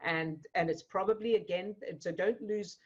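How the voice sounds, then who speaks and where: A woman coach guiding a client in a one-to-one session, gentle and reassuring, asking questions. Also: medium pitch, normal speed, slightly rough, muffled recording. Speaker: emotional fitness coach.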